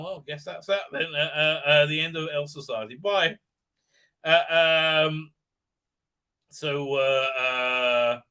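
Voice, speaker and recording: Man with a very bright, sharp voice, slightly high, live-stream host doing a rambling, sweary, mocking recap full of stumbling fillers. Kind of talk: ranting episode recap.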